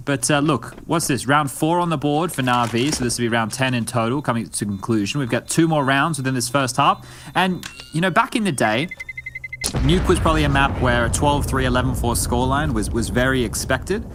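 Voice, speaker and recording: A man's voice: mid-range voice, a little fast, noisy background. A man giving chatty, analytical color commentary on an esports match, with the odd joke.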